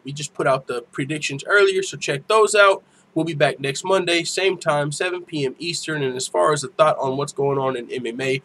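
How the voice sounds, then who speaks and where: A man's voice: medium pitch, a bit bright, slight background noise. A man hosting an MMA podcast in loose, slangy casual chat, laughing often. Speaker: podcast host.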